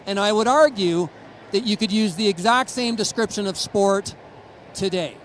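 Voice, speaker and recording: A man's voice: high-pitched, moderate pace, a little hiss or hum, poor audio. A middle-aged man from Canada giving a conference presentation, telling stories with chuckles and acting out quotes. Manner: storytelling, chuckles, acts out quotes. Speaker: conference speaker.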